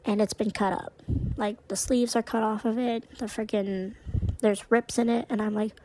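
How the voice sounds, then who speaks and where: A woman's voice: mid-range voice, steady tone, normal speed, noisy background. A woman co-hosting a podcast, chatting casually and recounting a story with lots of "like" in her speech. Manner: chatty, heavy use of "like". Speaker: podcast co-host.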